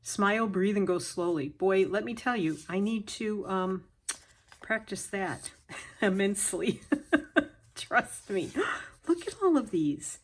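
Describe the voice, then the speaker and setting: Speaking slowly in an animated, medium-pitched voice, a woman who makes craft videos opens a gift package on camera. Each item draws gushing exclamations and gasps, with occasional whispers, all in easy unboxing chatter; she adjusts the stand-mounted camera by hand.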